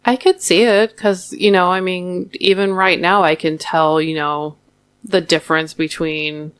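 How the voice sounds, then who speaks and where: A woman's voice: fairly low pitch, fairly even intonation, measured pace, clean tone. A woman co-hosting a podcast, talking in an agreeable, easygoing casual chat. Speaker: podcast co-host.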